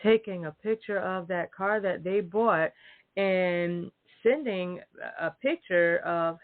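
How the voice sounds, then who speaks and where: A woman's voice: on the low side, takes it slowly, no room sound. Woman vlogger, emphatic profane rant, thin phone-like audio in a dead-dry space. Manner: emphatic, profane, filler-heavy. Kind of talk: casual rant to camera. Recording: dry tinny phone-like sound.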